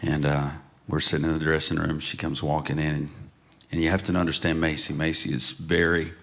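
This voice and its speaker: A man telling lively stories as a panel guest on a museum stage, often laughing as he gets to the punchline. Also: very deep voice, brisk. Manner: storytelling, laughs through punchlines. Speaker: panel guest, country singer. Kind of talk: animated anecdote telling.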